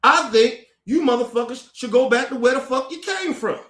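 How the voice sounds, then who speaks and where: A man with a strikingly high voice rants angrily to the camera, profane and confrontational, tripping over and repeating his own words. The sound bounces around an echoey room. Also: moderate pace, a bit bright. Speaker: commentator. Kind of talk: angry profane rant to camera.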